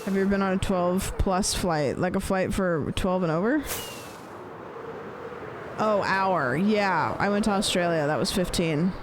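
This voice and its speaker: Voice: mid-range voice, unhurried, background noise. A streamer chatting casually while gaming, rambling and swearing, playfully repeating phrases with different stress.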